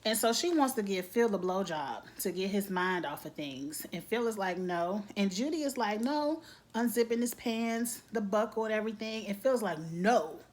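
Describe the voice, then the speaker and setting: Animated woman vlogger recapping a show, blunt, slangy, keeps saying like. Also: medium pitch, moderate pace, few pauses. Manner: animated, blunt, acts out characters' lines; frequent "like", casual slang. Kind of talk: casual episode recap.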